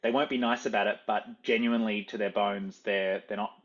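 A man with an Australian accent chats as a guest in a casual interview, often self-correcting and restarting sentences with "like." He speaks briskly in a steady, lowish voice. The audio has its highs cut off.

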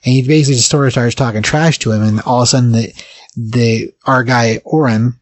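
A man's voice: mid-range voice, fairly even intonation, a little fast, dry recording. Rambling man recapping a comic. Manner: rambling retelling, full of fillers. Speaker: podcast co-host. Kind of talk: casual comic book recap.

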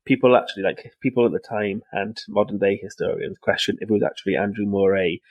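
Young male co-host, low voice, dry close sound, loose rambling delivery. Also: steady tone, fast, no echo, dull audio. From Wales. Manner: rambling, many fillers and restarts, laughs often. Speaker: podcast co-host. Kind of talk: casual history podcast chat.

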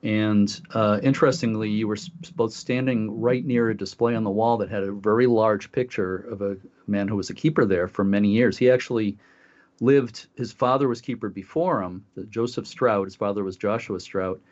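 A man's voice: fairly low pitch, fairly even intonation, normal speed, darkish tone. A man co-hosting a talk show, telling a story casually with many fillers and restarts. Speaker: podcast co-host. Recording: dull lo-fi audio.

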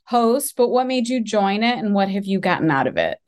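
A woman's voice: medium pitch, very animated, brisk, a little mellow. Woman hosting a podcast, friendly and encouraging, easygoing chat. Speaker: podcast host. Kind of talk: casual interview chat.

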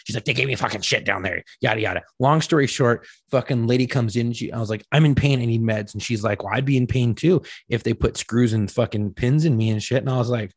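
A man's voice: mid-range voice, fast talker, few pauses, slightly rough, dry recording. A man telling a long story in casual chat, swearing constantly and acting out what people said. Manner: profane, animated, acts out quoted voices. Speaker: podcast co-host telling a story.

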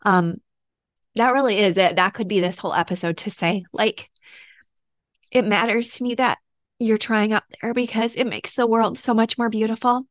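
A woman's voice: medium pitch, fairly even intonation, normal speed, no room sound, studio quality. Chatty earnest woman podcast host. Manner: chatty, earnest, laughs and gets a little emotional. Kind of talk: casual solo podcast talk.

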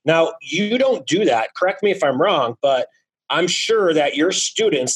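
A man guest in a casual interview, talking in energetic, joking bursts about his marketing business. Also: fairly high pitch, husky, poor audio. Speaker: guest, real estate marketing business owner.

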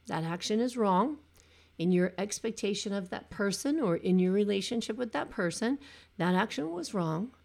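A woman's voice: mid-range voice, gravelly, darkish tone. A woman coaching cancer survivors in an earnest motivational talk, often acting out her clients' words.

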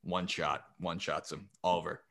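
A man's voice: low-pitched, level tone, unhurried, vocal fry, fairly bright tone. A man hosting a podcast, retelling myths in a jokey, rambling casual way. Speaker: podcast host. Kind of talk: casual storytelling.

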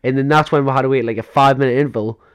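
A man's voice: mid-range voice, fairly even intonation, rapid-fire, clean tone. A young man co-hosting a podcast, telling long stories in a casual chat and acting out what others said, laughing often. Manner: rambling storyteller, acts out quotes, laughs often. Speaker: podcast co-host.

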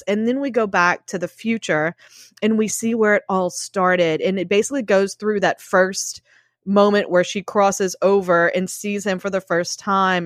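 A woman's voice: medium pitch, no room sound, studio quality. A woman, co-hosting a casual book chat, gushing and emotional as she calls listeners y'all. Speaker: podcast co-host.

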